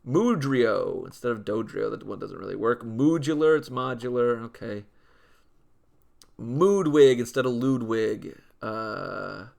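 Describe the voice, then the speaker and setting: A man's voice: medium pitch, gravelly. A young man giving casual gameplay commentary, listing names in a dry, matter-of-fact way with amused asides. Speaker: gaming video creator.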